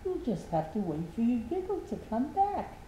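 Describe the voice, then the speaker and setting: A grandma doing a high-voiced storybook doctor. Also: female voice, very animated, moderate pace, slight background noise. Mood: apologetic. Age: 80s. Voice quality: high and bright, put on. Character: kindly storybook doctor, a man. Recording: echoey room.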